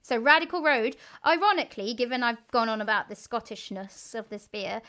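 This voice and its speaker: Giggly woman cohost, high voice, casual chat, a bit shy. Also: expressive, fairly quick, pushed and bright. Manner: giggly, bashful, reads drink labels aloud. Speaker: co-host of a music stream.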